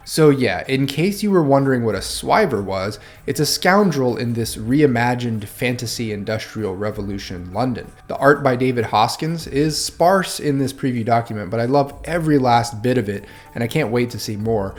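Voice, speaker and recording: A man's voice: mid-range voice, animated, moderate pace, few pauses. Man narrating a tabletop game review. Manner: reads rulebook passages aloud, tries out Cockney sounds.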